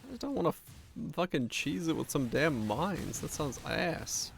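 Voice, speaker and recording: A man's voice: on the high side, sing-song, moderate pace, creaky, slight background noise. A man streaming a video game, muttering and swearing casually as he plays. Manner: swears freely, mutters to himself. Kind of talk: casual gameplay commentary.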